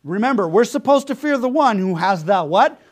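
Male preacher mid-sermon, emphatic and scornful, voice a bit high. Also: expressive, moderate pace. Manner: emphatic, mocking, repeats rhetorical questions.

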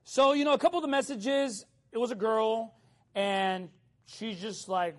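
A middle-aged male pastor preaching a sermon in a casual, animated way, telling a personal story and keeping in touch with his listeners. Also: high-pitched, normal speed.

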